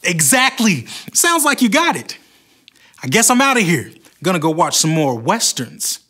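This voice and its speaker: A man narrating a Bible story on a children's show with expressive storytelling. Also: sits high, normal speed.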